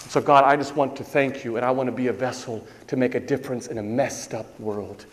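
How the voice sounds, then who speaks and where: A man's voice: medium pitch, steady tone, brisk, few pauses. Preaching man in a reverberant church. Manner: storytelling, conversational preaching with emphatic repetition. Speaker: priest. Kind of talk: sermon. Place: church sanctuary.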